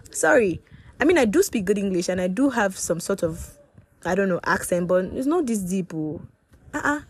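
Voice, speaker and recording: Speaking in a mid-range, darkish, slightly rough voice, a young woman chats casually on her solo podcast. She tends to ramble, catches and corrects herself, and laughs frequently.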